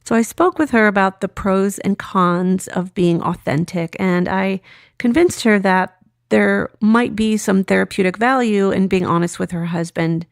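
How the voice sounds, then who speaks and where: Woman therapist lecturer, measured delivery, gravelly tone, dry close sound. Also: mid-range voice, no room sound. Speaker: sex therapist. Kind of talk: scripted lecture with case story.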